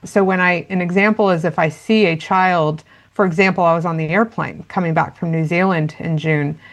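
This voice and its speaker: A woman talks through her ideas in an interview, earnest and explanatory. Her voice sits low and carries a gravelly fry. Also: fairly even intonation, normal speed. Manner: earnest, explanatory, many fillers. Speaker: parenting expert guest. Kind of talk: interview conversation.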